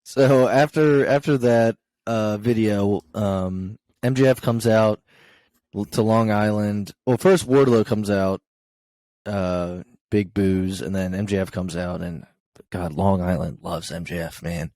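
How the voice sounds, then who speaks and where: A man's voice: lowish voice, unhurried, warm tone, dry recording. A young man co-hosting a podcast in casual chat, recapping events in a rambling way with fillers. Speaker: podcast co-host.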